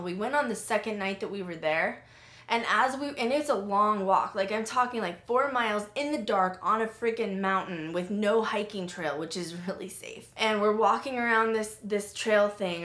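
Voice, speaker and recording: A woman's voice: mid-range voice, reverberant. A young woman in her twenties, hosting a paranormal podcast, chatting casually and telling stories with lots of fillers. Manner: chatty, animated storytelling with many fillers. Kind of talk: casual chat reviewing a show.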